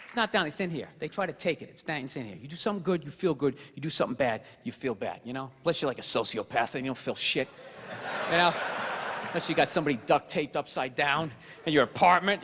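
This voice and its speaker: A man's voice: fairly high pitch, long reverb tail, background noise. A male stand-up comedian on stage, ranting sarcastically and swearing a lot.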